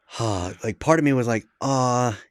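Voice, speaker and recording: A man's voice: medium pitch, a little slow, no echo. A man talking as a podcast guest, blunt and profane, rambling in casual chat.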